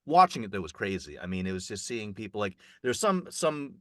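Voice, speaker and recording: A chatty man with a bright, forceful voice, recorded dry and close. He rambles through a festival report with plenty of fillers and restarts. His pitch leaps up when something excites him, though his voice sits fairly low. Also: a little fast, dry recording. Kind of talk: casual conversational report.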